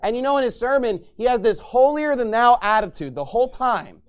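A man preaching a fiery sermon as pastor, angry and mocking, shouting at times. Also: extremely high pitch, animated, fairly quick, few pauses, clear, resonant tone.

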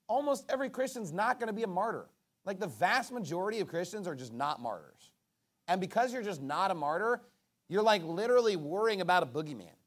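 A preacher with a notably high-pitched voice delivers an emphatic sermon, swinging between loud, booming, forceful bursts and low, hushed stretches.

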